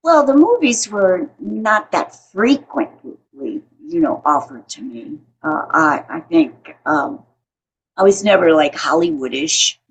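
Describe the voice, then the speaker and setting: A woman's voice: fairly low pitch, animated, slow, slightly rough, highs cut off. A woman in her eighties, a veteran actress, chatting as an interview guest and telling stories with frequent restarts. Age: 80s. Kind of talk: casual interview chat.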